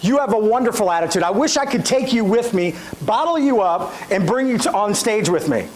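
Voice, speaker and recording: A middle-aged man with a high voice gives an animated, storytelling motivational keynote at a brisk pace, speaking straight to the audience. The audio is poor, with slight background noise.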